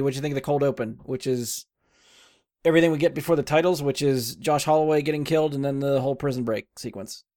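A man's voice: medium pitch, a little mellow. A man hosting a casual movie podcast, laughing often and steering the questions. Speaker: podcast host. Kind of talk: casual chat.

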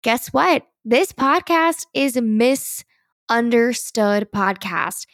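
A young adult woman hosting her own podcast, talking in a chatty, animated way with lots of "like" fillers. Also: fairly high pitch, takes it slowly, no echo, clean studio sound. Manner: chatty and animated, heavy use of "like". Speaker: podcast host. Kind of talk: casual solo podcast monologue.

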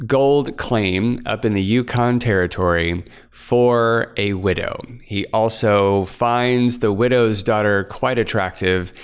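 A man talking up his book in a slow, unhurried way, pausing often with fillers. His voice is lowish and smooth, with a clean resonance. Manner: slow, with frequent filler pauses. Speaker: author promoting his book. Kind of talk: casual spoken promo.

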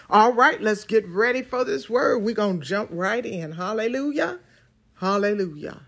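A woman's voice: mid-range voice, animated, normal speed. A woman preacher delivering a sermon in a fervent, emphatic way, repeating key phrases. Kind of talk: sermon with sung worship opening.

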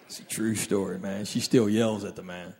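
On stage in a large hall, a male comedian animatedly tells stories and voices his relatives' lines in his stand-up routine. He speaks at normal speed in a fairly low voice with vocal fry, captured in a reverberant live room with faint background noise.

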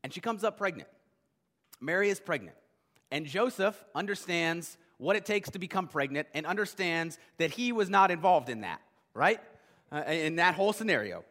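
A man preaching a sermon as pastor, conversational and animated, with many restarts. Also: high-pitched, normal speed. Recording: long hall reverb.

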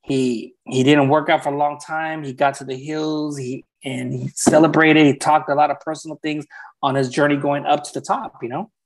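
A man's voice: a little high, steady tone, normal speed. A man from California, a podcast guest, telling candid, rambling stories with profanity in casual chat.

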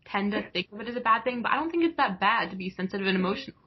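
A young woman talking casually in a soft-spoken, agreeable way. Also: medium pitch, expressive, rapid-fire, slightly rough. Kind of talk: casual chat. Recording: dull lo-fi recording.

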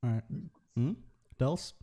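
A man's voice: medium pitch, slow pace, dark tone. A man hosting a casual panel discussion, chatty and full of fillers, his voice run through a voice changer. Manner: chatty, frequent fillers and laughs. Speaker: podcast host.

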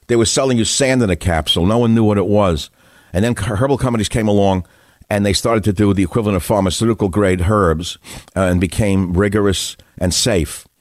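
Taxes and politicians draw angry rants from an older US talk radio host covering politics. He has a low-pitched voice, captured in studio quality with no echo.

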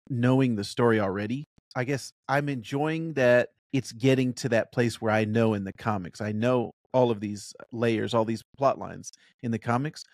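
A man's voice: medium pitch, a little mellow. An enthusiastic man co-hosting a review podcast, chatting casually with a mid-range voice. He thinks aloud and circles back on his points. The sound is dry and close, with no room echo. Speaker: podcast co-host reviewing a show.

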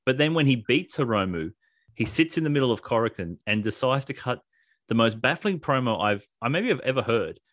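A man co-hosting a casual wrestling podcast, talking in an animated, sarcastic way and laughing often. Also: mid-range voice, brisk, dry recording, studio quality. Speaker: podcast co-host.

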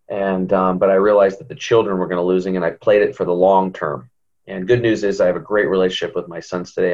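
A low-pitched man tells a story on a podcast, the sound dull and lo-fi. He talks with lively animation and keeps leaping up in pitch whenever he acts out what other people said. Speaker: podcast guest. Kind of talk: storytelling in an interview. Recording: dull lo-fi audio.

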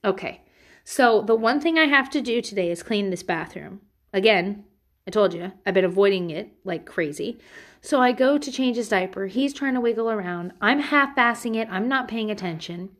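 A woman in her thirties at a mid-range pitch, talking frankly about raising kids. She tells loose, casual stories and swears without a second thought. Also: expressive, moderate pace. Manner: candid and frank, swears freely. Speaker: parent giving parenting advice. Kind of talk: casual personal storytelling.

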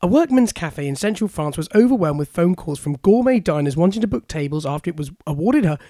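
A man's voice: fairly high pitch, animated, fast talker, mellow, no echo, studio quality. A man co-hosting a podcast, reading out news stories with chuckling asides. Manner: reads items out, chuckling asides. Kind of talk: casual chat, reading news aloud.

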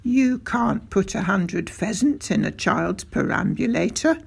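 A reader voicing a tiny, excitable old country doctor, raising the voice high and stretching out the exclamations. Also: creaky, breathy edge, heavily acted. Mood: fussy. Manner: high, gushing and slowly drawn out.

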